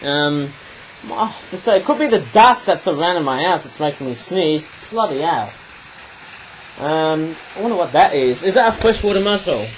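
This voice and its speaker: A man's voice: a little high, lively intonation, normal speed, slight background noise, low-quality recording. A man casually reviewing toys, rambling and chatty, often tagging his sentences with "eh?". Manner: rambling, chatty, frequent "eh?" tags. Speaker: toy reviewer.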